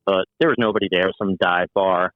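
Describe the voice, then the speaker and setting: A man from New Jersey and New York City, a guest musician telling animated stories in casual chat and swearing freely. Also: low-pitched, a little fast, no echo, phone-quality sound. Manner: animated storyteller, acts out quoted voices, swears freely.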